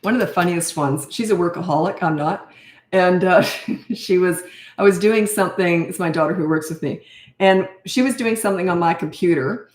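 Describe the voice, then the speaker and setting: A woman's voice: lowish voice, moderate pace, reverberant. An older woman and parenting coach answering viewer questions in a frank, blunt, self-mocking way.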